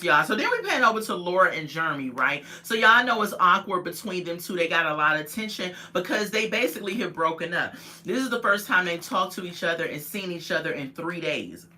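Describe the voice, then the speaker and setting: Bright-voiced woman recapping casually. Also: lowish voice. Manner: animated storytelling, acts out quotes, laughs often. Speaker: reality show recap vlogger. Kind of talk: casual chat.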